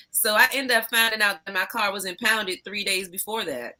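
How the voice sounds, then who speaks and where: A woman guest on a podcast, chatting casually and telling animated stories, swearing freely and laughing often. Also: mid-range voice, fairly quick. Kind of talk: casual chat.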